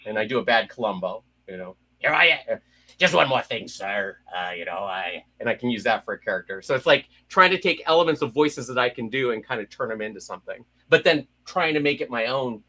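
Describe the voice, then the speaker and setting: Man, puppeteer guest, bright tone, casual chat, quick impressions. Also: medium pitch, low-quality recording.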